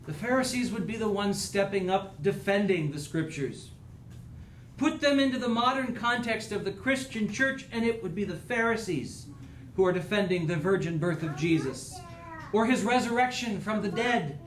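A man's voice: high voice, expressive, moderate pace, fairly bright tone, reverberant, a little hiss or hum, rough recording. A man preaching a sermon as pastor, with an earnest, rising and falling preaching cadence.

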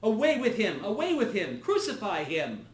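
A man voicing an angry crowd of men, calling out loud demands. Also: high voice, sing-song, normal speed. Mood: insistent. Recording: echoey room.

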